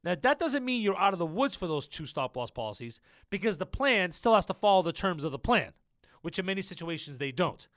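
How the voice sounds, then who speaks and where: A man hosting a business podcast, chatty and animated, telling stories straight to his listeners. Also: sits high, a little fast, no room sound, clean studio sound. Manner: chatty, storytelling, addresses listeners as folks. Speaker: podcast host. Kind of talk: casual business podcast chat.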